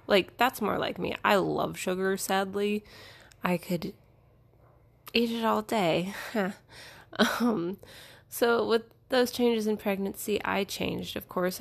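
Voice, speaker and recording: A woman's voice: mid-range voice, creaky. A young woman in casual personal storytelling, chatty and rambling with many fillers. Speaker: podcast host.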